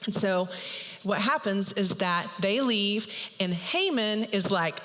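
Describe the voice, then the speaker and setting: A woman pastor retelling a Bible story in a lively, chatty sermon. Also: mid-range voice, takes it slowly. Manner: lively, chatty, acts out characters. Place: church. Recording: long hall reverb.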